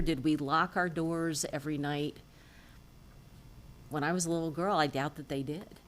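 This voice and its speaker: A woman's voice: low-pitched, normal speed, long pauses. A woman on a city council giving chatty, informal remarks in a meeting. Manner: chatty, tells jokes with put-on voices. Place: council chamber.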